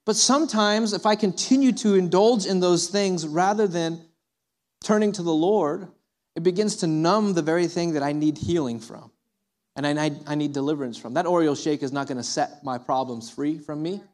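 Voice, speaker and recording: A man preaching a sermon as a pastor, animated, often acting out the voices of his listeners. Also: sits high, normal speed.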